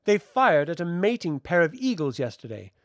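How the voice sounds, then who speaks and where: A man reading aloud and voicing a proud, fiery young princess who speaks in a sharp, cutting, commanding way. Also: fairly high pitch, very animated, moderate pace, dry recording, studio quality. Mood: cool.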